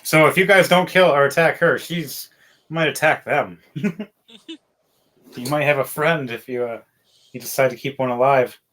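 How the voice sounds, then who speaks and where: Bright-voiced male game master. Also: mid-range voice, moderate pace, pauses often. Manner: animated, laughing storytelling. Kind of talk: narrating a tabletop game.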